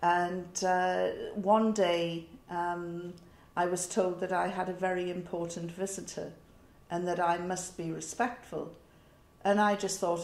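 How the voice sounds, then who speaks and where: Slow-talking northern English woman. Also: fairly low pitch, level tone, darkish tone. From north of England. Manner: reflective, wry, with fillers and pauses. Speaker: interviewee. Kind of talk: telling a personal story. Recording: roomy echo.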